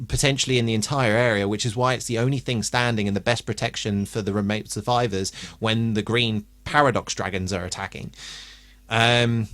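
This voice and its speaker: A man's voice: mid-range voice, a bit bright, no room sound. A man recapping a TV episode for a review podcast in a rambling, casual way, with lots of fillers and restarts.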